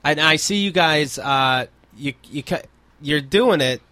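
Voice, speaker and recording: A man's voice: on the high side, unhurried, pushed and bright, no room sound. A man hosting a casual talk show, joking and swearing as he acts out quotes from a story. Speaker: host. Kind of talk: casual chat.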